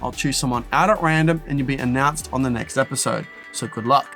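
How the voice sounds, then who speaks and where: A man hosting the show, speaking to viewers in a bright, bouncy promotional delivery with a sing-song lilt. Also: medium pitch, brisk, soft background music. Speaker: show host. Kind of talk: upbeat promotional address to viewers.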